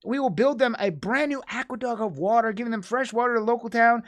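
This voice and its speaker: Profane American streamer ranting heatedly. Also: female voice, fast talker. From United States. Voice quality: profane, heated, swings between loud outbursts and low mutters. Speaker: streamer reacting to a video. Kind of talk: angry casual rant. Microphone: desk microphone.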